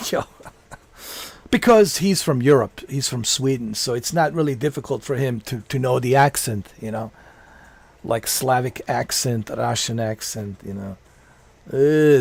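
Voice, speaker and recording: A male game streamer talks unhurriedly in casual live-stream chatter. He rambles, circles back to repeat himself and swears offhandedly. His voice sits at an ordinary middle pitch. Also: creaky, husky.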